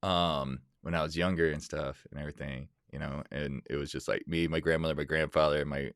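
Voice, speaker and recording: A man's voice: extremely low pitch, fairly even intonation, brisk, a bit bright, smooth, no room sound, clean studio sound. A man guest on a casual podcast chat, rambling with many restarts.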